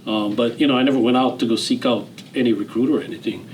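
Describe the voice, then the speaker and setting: A man of around sixty with a Hawaiian Pidgin-tinged accent, telling his story as a guest in a relaxed, rambling way, with fillers and restarts. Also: medium pitch, quick pace, a little hiss or hum, poor audio. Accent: Hawaiian Pidgin-tinged English. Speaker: interview guest, retired general. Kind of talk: casual storytelling interview.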